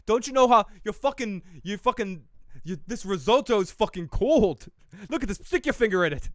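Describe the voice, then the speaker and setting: A man impersonating a furious, foul-mouthed male chef who yells profane insults. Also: high-pitched, sing-song, fast talker, gravelly, no echo, studio quality, exaggerated voice. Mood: berating.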